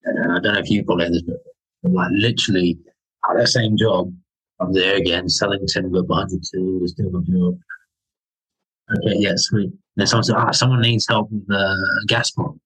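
A man's voice: low voice, fairly even intonation, brisk, a bit bright, husky, low-quality recording. A man with a light New Zealand accent telling rambling stories on a podcast, full of fillers and restarts. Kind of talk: casual storytelling.

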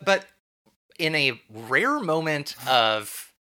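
A man's voice: fairly high pitch, very animated, extremely slow, pushed and bright. A man hosting a podcast, casually recapping a TV episode with wry jokes and bursts of laughter. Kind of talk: casual chat.

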